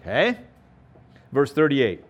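Emphatic man teaching scripture, lively pitch. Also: slow pace, muffled recording. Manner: emphatic, repeats words for stress, asks "okay?" often. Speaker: Bible teacher. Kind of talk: verse-by-verse Bible teaching.

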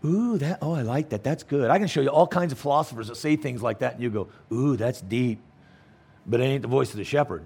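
A man's voice: mid-range voice, expressive, fast talker, gravelly, few pauses, a little mellow, slightly rough. A middle-aged male pastor preaching a sermon in an emphatic, conversational way, full of rhetorical questions.

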